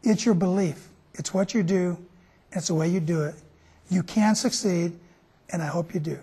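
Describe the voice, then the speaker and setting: A man's voice: high voice, moderate pace, dark tone, husky. A man hosting a TV show, telling a story in a folksy, conversational way. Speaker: TV show host.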